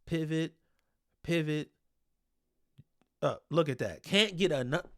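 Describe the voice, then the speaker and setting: A man's voice: a little high, slow, long pauses, dry recording, clean studio sound. A man breaking down basketball game film in a casual, exasperated and blunt way, swearing freely.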